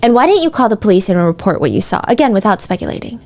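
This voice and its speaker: A woman narrates true-crime courtroom testimony in a casual podcast manner. She reads the questions and answers aloud and breaks in with chatty asides. Her voice sits at an ordinary middle pitch for a woman. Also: very animated, rapid-fire, a little mellow. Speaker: podcast host.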